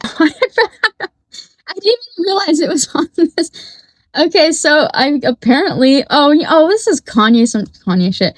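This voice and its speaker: A woman's voice: high-pitched, expressive, normal speed, no room sound. A woman hosting a podcast in a casual, rambling monologue, swearing freely and laughing often. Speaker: podcast host.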